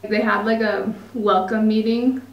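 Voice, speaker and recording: A woman's voice: medium pitch, fairly even intonation, a little slow, roomy sound, recorded from a distance, highs cut off. A young woman from Utah with an American accent, chatting casually to camera in a vlog, laughing often and using lots of fillers. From Utah, United States. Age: young adult. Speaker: vlogger.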